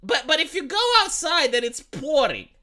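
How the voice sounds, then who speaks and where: Bright-voiced, profane ranting man. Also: extremely high pitch, very animated, normal speed. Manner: profane, heated, stammers and repeats words; argumentative, asks rhetorical questions. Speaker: live streamer. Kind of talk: casual political rant on a live stream.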